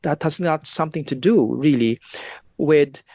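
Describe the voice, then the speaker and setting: A man's voice: a little high, a little slow, gravelly, darkish tone, no room sound. A man, a guest researcher, explaining his ideas earnestly and at length in an interview. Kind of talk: academic interview chat.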